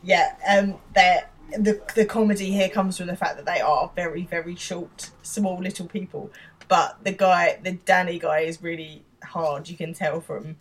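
A woman's voice: on the low side, steady tone, moderate pace, rough recording. A woman with an East London accent, co-hosting a podcast and chattily recapping a TV episode, often restarting her sentences. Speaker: podcast co-host.

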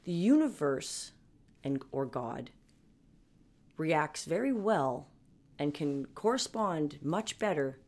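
A woman in her fifties talks casually to her viewers about advocating for yourself, chatty and emphatic, often restarting her sentences. Her voice is low, sing-song and a little mellow, moving at a slow pace with long pauses.

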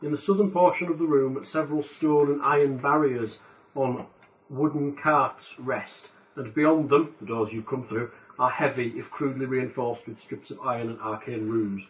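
Man, game master, measured narration, mid pitch, lo-fi sound. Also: steady tone. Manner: measured descriptive reading of room text. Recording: dull lo-fi recording.

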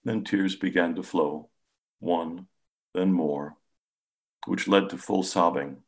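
A man with a very low voice narrates a clinical case from his practice in the first person. His delivery is calm and measured, softening into a gentle tone. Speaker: psychiatrist.

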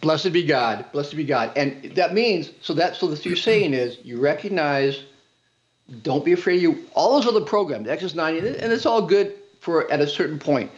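A man's voice: on the high side, animated, normal speed. A man speaking as a guest on a faith show, fervent and preacherly, driving his points home by repeating phrases. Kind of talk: impassioned religious talk. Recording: dull lo-fi audio.

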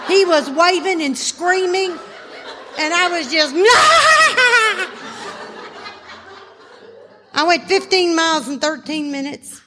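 Woman workshop speaker, high voice, animated laughing storyteller, reverberant hall. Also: normal speed. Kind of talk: storytelling talk to a live audience. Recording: hall reverb, faint noise.

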